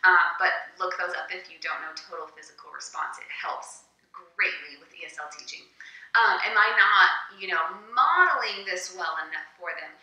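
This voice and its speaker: A woman who teaches English online, calmly explaining classroom strategies step by step in an encouraging way. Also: on the low side, normal speed, recorded from a distance, highs cut off. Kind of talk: instructional teaching-tips video. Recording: echoey room, voice away from the mic.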